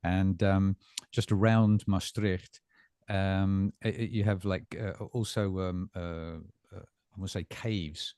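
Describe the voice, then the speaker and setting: A middle-aged man co-hosting a casual bookstore chat, talking in halting bursts with lots of fillers and repeated words. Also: low-pitched, fairly even intonation, mellow, clean tone. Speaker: bookstore staff co-host.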